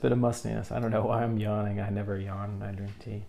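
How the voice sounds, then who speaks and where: Gravelly low-voiced man musing over tea. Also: slight background noise. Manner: calm, musing, unhurried. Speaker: tea seller tasting his own stock. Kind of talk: casual tea-tasting vlog.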